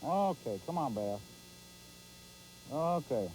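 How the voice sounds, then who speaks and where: A man hosting a fishing show, giving folksy live commentary from a boat on a pond and exclaiming loudly. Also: a little high, big pitch swings, slow pace, slight background noise, low-quality recording.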